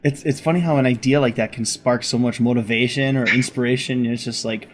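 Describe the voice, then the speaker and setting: A man's voice: mid-range voice, fairly even intonation, a little fast, noisy background. A man hosting a casual interview, talking in an enthusiastic, chatty way with frequent laughter. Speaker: podcast host. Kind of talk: casual conversation.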